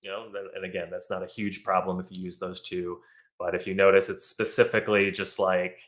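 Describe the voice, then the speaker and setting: A man with a fairly low voice teaching a live online English class. He explains each phrase patiently and at an easy pace, filling pauses with "um" and "you know" as he goes. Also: little pitch movement, a bit bright. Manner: patient, explanatory, with frequent fillers.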